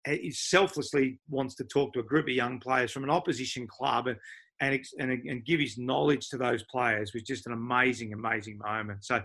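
Here an older Australian man, once a footballer and later a coach, chats in a casual interview at normal speed in a mid-range voice. He tells his stories animatedly, doing voices for the people in them.

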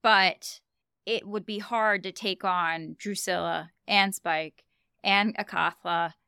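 A young woman co-hosting a casual chat podcast, animated and laughing often as she retells scenes. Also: mid-range voice, slow, creaky, smooth, dry recording, clean studio sound. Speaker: podcast co-host.

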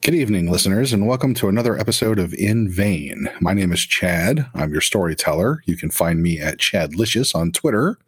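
A man running a tabletop game as storyteller, talking in a relaxed, conversational way. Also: deep voice, fairly quick, hardly any pauses, breathy edge, no room sound. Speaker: game master.

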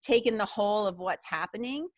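In this casual interview chat, the podcast host speaks at a medium pitch and a fairly quick clip, recorded without echo. She is effusive and meandering, often starting her sentences over.

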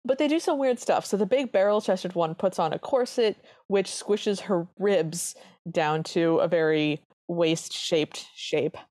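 Her voice sits fairly low and a little mellow, captured in clean studio sound with no echo. As a podcast co-host she reviews an old cartoon, chatty and earnest, dropping quick asides along the way.

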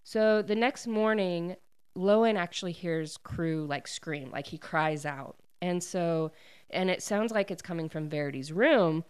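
A woman recaps a story in a relaxed, chatty way, with lots of "like"s, and briefly acts out the characters' lines as she goes. Her voice is smooth and clear and sits a little low. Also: a little slow. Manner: retells a plot with many "like"s, acts out quoted lines and laughs often. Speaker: book discussion host. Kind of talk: casual book recap chat.

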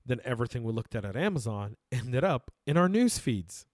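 A man's voice: mid-range voice, very animated, brisk, a little mellow, no echo. A man hosting a podcast in a studio, talking casually and emphatically with frequent restarts, a native Arabic speaker. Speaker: podcast host.

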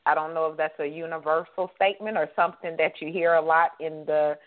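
A woman co-host speaks in a relaxed, conversational way and often pauses with fillers. Her voice is low, and the sound comes through a thin, phone-like line. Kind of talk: casual chat.

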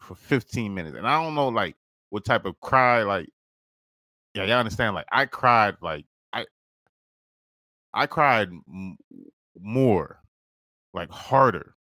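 A man with a lowish voice that comes through bright and forceful, recorded close and dry with no room sound. He talks like a podcast host telling a personal story to friends, loose and slangy, dropping "bro" and laughing as he goes. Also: expressive, slow pace, pauses often, no echo. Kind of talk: casual storytelling chat.

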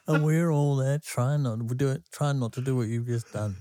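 Brief: male podcast co-host, mellow, loose self-interrupting storyteller. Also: medium pitch, slow, pauses often, dry recording. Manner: rambling, self-interrupting anecdotes. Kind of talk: casual storytelling.

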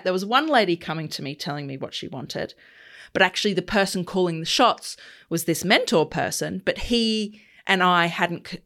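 A woman's voice: on the low side, fairly bright tone. A woman podcast host in her thirties telling a personal story candidly, acting out the dialogue she recalls. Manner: candid, conversational, acts out quoted dialogue.

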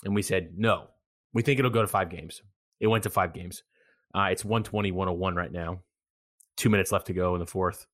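A man's voice: sits low, fairly even intonation, a little fast, a bit bright. Chatty joking man. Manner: chatty, joking, laughs often. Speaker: podcast co-host. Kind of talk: casual sports podcast chat.

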